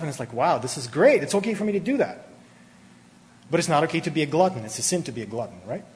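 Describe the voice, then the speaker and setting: Animated preacher man in a reverberant hall. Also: a little high. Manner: animated, rising to emphatic peaks, with many restarts. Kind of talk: sermon. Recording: hall reverb with faint ambient noise.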